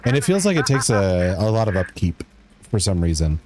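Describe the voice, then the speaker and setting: A man's voice: on the low side, big pitch swings, fairly quick. A man streaming a video game live, chatting casually and joking in a rambling way as he answers his chat.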